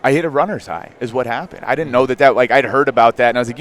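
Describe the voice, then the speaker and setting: A man's voice: medium pitch, fast talker, hardly any pauses. Candid man telling a story casually. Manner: candid, animated storytelling with frequent fillers. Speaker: podcast guest.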